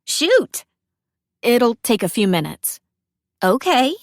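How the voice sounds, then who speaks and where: A woman's voice: fairly high pitch, sing-song, takes it slowly, dry recording, studio quality, full character voice. A woman voicing a bubbly, chaotic young roommate. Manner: teasing, bubbly. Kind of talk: audiobook character voice.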